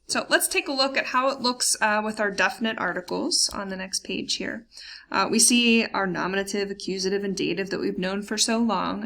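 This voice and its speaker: Woman German teacher, slide lesson, gravelly edge, filler-heavy plain explaining. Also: medium pitch, pushed and bright. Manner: slows down for German example words.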